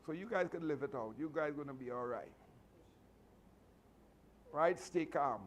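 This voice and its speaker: A man's voice: fairly high pitch, expressive, a little slow. Earnest man giving fatherly advice. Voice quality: repetitive, earnest, with frequent restarts. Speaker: martial arts instructor. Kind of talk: motivational speech to students.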